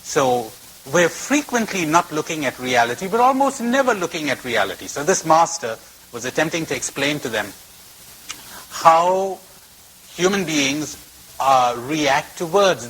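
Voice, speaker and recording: With a fairly high, fairly bright voice that swings widely in pitch, a man unhurriedly tells stories in a spiritual talk for a retreat audience. He varies emphasis and repeats phrases, and the old tape recording is low quality, with slight background noise.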